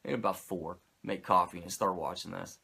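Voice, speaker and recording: A man's voice: deep voice, fairly even intonation, normal speed, gravelly, sharp tone, breathy edge. A man who hosts a podcast, giving a casual, profane and rambling recap of a wrestling show with many fillers. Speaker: podcast host.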